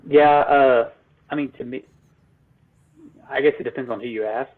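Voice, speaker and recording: A husky man explains his trade in halting, casual answers, his voice low and flat. He restarts sentences often and fills gaps with ums. The sound is narrow and thin, like a phone line. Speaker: electrical business owner, guest.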